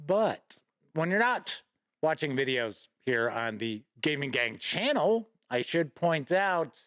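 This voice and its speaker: Animated, chatty male show host. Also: on the high side, slow pace, no echo, clean studio sound. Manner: chatty, folksy, greets viewers by name. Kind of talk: live-streamed gaming news show.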